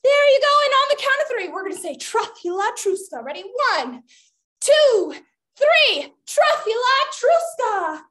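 A woman's voice: very high-pitched, sing-song, brisk, hardly any pauses, a bit bright, exaggerated voice. A woman voicing a playful, cheery female cat who hosts a children's game, bouncy and sing-song with delighted gasps. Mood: wondering. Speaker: children's entertainer. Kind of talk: kids' game and storytime performance.

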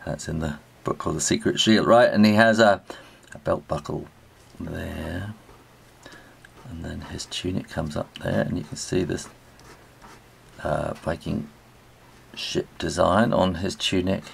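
Low gravelly British man teaching drawing. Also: steady tone, a little slow, slight background noise. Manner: chatty, talks while drawing, trails off and restarts. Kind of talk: relaxed spoken drawing tutorial.

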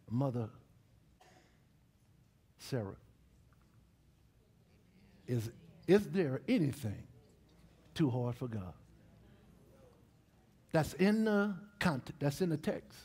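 A middle-aged man preaching a sermon in a church, with lively call-and-response to the congregation. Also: on the high side, slightly rough. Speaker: pastor. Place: church sanctuary.

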